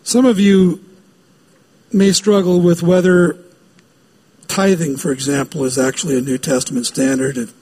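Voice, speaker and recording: A man's voice: a little high, little pitch movement, normal speed, pauses often, darkish tone, breathy edge. A man preaching a sermon as pastor, emphatic and given to repeating key phrases.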